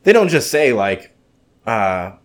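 A man's voice: fairly low pitch, big pitch swings, takes it slowly. A man in a casual group chat, joking profanely and acting out mock quotes.

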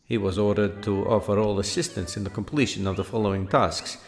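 A man narrating a tabletop horror game as game master, in a measured, slightly theatrical way. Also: fairly low pitch, steady tone, in a large hall.

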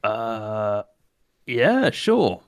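Male player, lively pitch, wry in-character banter. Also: drawn-out words. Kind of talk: playing his character in a tabletop game.

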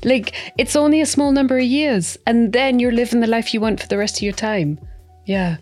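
A middle-aged woman, chatting as a podcast guest in an animated way with playful asides. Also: on the high side, a little fast, faint music behind. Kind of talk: casual podcast chat.

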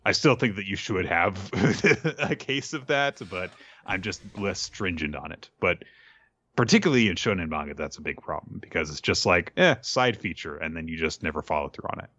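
Male podcast co-host, low and bright, dry close sound, rambling chat. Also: animated, moderate pace, dry recording, highs cut off. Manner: rambling, laughs often, fillers.

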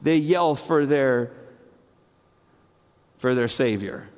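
A male pastor preaching a conversational sermon full of fillers, dropping to a hushed low voice and rising high again as he retells a scene. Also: slow, big-room sound. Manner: conversational, imaginative storytelling with many fillers; swings between hushed low and raised high delivery.

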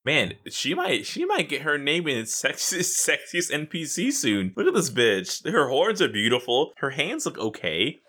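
A man co-hosting a casual gaming podcast, excitable and laughing often, swearing freely. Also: a little high, a little slow, hardly any pauses, husky. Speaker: podcast co-host.

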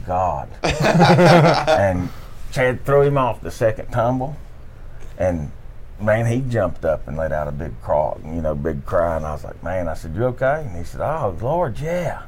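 A man telling hunting stories in a casual chat at camp, animated and laughing often. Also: low-pitched, moderate pace, a little hiss or hum. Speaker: podcast guest. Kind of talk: casual storytelling. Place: camp room, at night.

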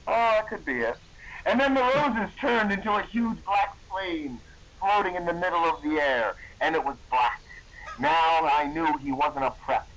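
A man's voice: fairly high pitch, normal speed, a bit bright, lo-fi sound, slight background noise. A young man hosting a podcast, reading a silly story aloud in a mock-serious, comedic way. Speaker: podcast co-host.

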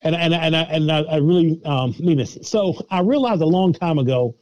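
A man's voice: a little high, normal speed, a little mellow, no room sound, lo-fi sound. A man as a filmmaker guest on a podcast, talking casually with lots of laughs and restarts as he mocks himself. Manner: laughing, self-mocking, many restarts. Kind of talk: casual interview chat.

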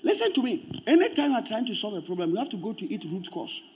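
High husky Ghanaian pastor preaching. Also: male voice, fast talker. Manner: animated preaching, addressing the congregation directly. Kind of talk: sermon.

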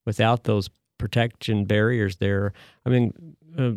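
A man serving as a deacon, answering questions in a measured, thoughtful way. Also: on the low side, fairly even intonation, darkish tone, no room sound, studio quality. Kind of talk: conversational interview answer.

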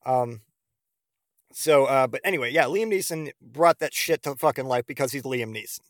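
A man's voice: medium pitch, normal speed, no echo, studio quality. A man hosting a podcast, rambling through a casual monologue and swearing freely as he retells scenes. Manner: profane, rambling, animated retelling. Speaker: podcast host.

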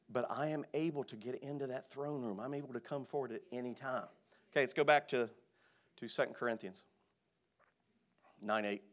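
Guy pastor preaching a sermon, mid-pitched voice, goes quiet then punches words out loud. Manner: emphatic preaching, swings between quiet and loud bursts.

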